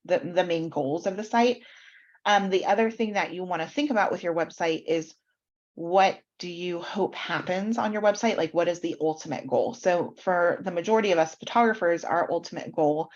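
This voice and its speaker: This woman's voice runs low and the recording is muffled. As a mentor reviewing websites in an online workshop on a video call, she explains her feedback step by step, with many ums.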